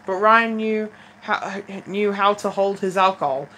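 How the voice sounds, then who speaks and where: A woman's voice: mid-range voice, sharp tone, rough recording. A teenage girl reading fanfiction aloud in a casual way, stumbling and restarting, with wry comments between passages. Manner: reads haltingly with restarts and wry asides. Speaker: fanfiction reader. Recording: faint background noise.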